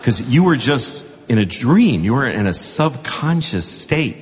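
Brief: male stand-up with a lively, swinging pitch, long reverb and noise in the recording. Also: unhurried. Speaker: stand-up comedian. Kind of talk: stand-up routine. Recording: reverberant noisy club recording.

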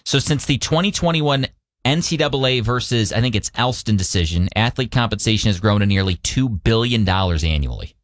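A man's voice: fairly low pitch, animated, a little fast, no room sound, studio quality. A man co-hosting a radio show, chatting casually about the news with loose, restarting sentences. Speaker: radio co-host.

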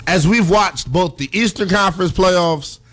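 Man, sports talk host, animated and chatty, excitable, casual delivery. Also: high voice, a little slow, soft background music. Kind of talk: sports talk show commentary.

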